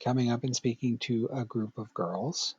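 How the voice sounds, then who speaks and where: A man's voice: mid-range voice, normal speed, slightly rough, highs cut off. A middle-aged man teaching a recorded Latin grammar lesson, patient and playful, with joking asides to the student.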